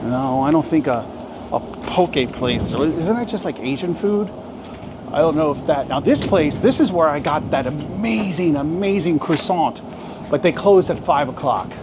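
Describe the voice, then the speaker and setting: Man in his thirties, travel vlogger, chatty and joking, slightly high voice, filmed outdoors with clear street and traffic noise. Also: animated, a little slow. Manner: chatty, joking, thinking aloud. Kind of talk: casual walking vlog.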